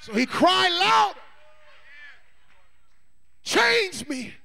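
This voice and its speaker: A male pastor preaching a sermon, swinging between shouts and hushed asides and calling on the congregation to respond. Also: very high-pitched, huge pitch swings, slow pace, creaky, long pauses. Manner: call-and-response prompts to the congregation.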